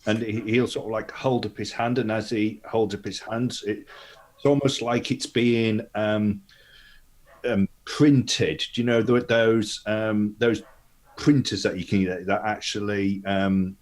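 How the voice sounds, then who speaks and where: A man playing a character in a tabletop role-playing game, describing what his hero does. His voice sits somewhat low, and he often pauses to find his words. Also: level tone, darkish tone. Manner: hesitant, searching for words. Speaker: player.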